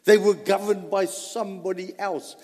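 A man preaching a sermon, swinging between loud emphasis and soft asides. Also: high voice, fairly even intonation, moderate pace. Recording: long hall reverb.

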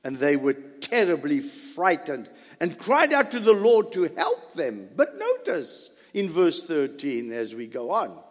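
A man preaching a sermon, swinging between loud emphasis and soft asides. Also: a little high, huge pitch swings, a little slow, hardly any pauses. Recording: long hall reverb.

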